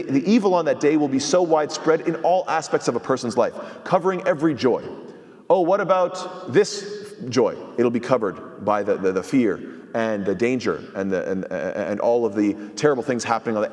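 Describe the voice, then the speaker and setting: A man delivers religious teaching at a brisk clip, his voice of average pitch. He explains points step by step, quoting Arabic and asking the room rhetorical questions. A long reverb hangs on his words, as in a large hall. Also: animated, darkish tone. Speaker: imam giving tafseer. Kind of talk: sermon-style Quran commentary.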